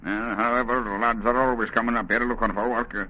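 A man's voice: mid-range voice, fairly even intonation, a little fast, lightly acted. An actor playing a bossy, evasive camp foreman who barks orders and stammers when nervous, in 1940s radio acting. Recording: dull old radio recording.

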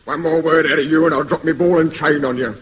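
A man playing a gruff Cockney convict. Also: on the high side, steady tone, quick pace, natural voice. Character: menacing escaped male convict, gruff. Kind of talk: vintage radio comedy acting. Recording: dull lo-fi old radio recording with loud hiss.

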